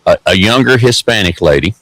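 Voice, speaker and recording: Folksy East Tennessee man, low and lively. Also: brisk, no room sound, low-quality recording. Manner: folksy, drawling, repeats words and laughs often. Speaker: host. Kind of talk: rambling casual storytelling.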